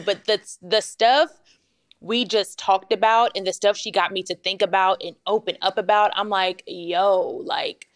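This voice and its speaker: A woman hosting a podcast in a studio, animated and emotional, often laughing as she talks. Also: mid-range voice, measured pace, dry recording. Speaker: podcast host. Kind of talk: casual podcast chat.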